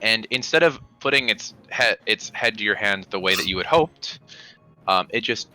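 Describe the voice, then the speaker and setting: A man's voice: lowish voice, expressive, normal speed, bright, forceful tone, faint music behind, rough recording. A man narrating as dungeon master of a tabletop game, describing scenes with frequent ums and restarts. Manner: descriptive, hesitant with many ums.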